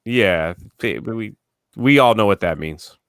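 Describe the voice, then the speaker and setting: A man's voice: lowish voice, lively intonation, unhurried, fairly bright tone, no room sound. A man from Florida, chatting casually as a guest on a livestream. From Florida, United States.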